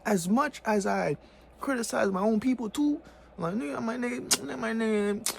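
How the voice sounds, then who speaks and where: Gravelly man ranting casually. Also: very high-pitched, normal speed. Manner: heated, profane slang, repeats "bro" and "you know what I'm saying". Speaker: vlogger. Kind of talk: casual vlog rant.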